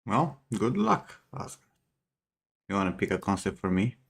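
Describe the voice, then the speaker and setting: A man on a livestream with a somewhat low voice. He chats casually and jokes bluntly. Swear words come out freely. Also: sing-song, moderate pace, creaky, breathy edge. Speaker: streamer.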